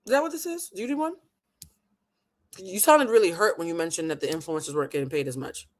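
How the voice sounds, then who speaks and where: A woman's voice: lowish voice, fast talker. A woman hosting a live reaction stream, giving sassy, mocking commentary and laughing often. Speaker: host.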